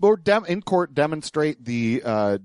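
A man's voice: on the high side, big pitch swings, unhurried, a little mellow, smooth, dry recording, studio quality. A man hosting a podcast, explaining clips in a digressive, hesitant way. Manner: digressive, hesitant, lots of uhs and restarts. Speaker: podcast host. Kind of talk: casual podcast commentary.

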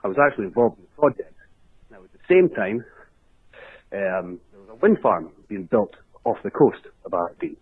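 Brief: Scottish caller, husky, phone-line sound, chatty. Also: male voice, fairly low pitch, big pitch swings, a little fast, pauses often. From Scotland. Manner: casual, chatty storytelling. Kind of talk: phoned-in voicemail story.

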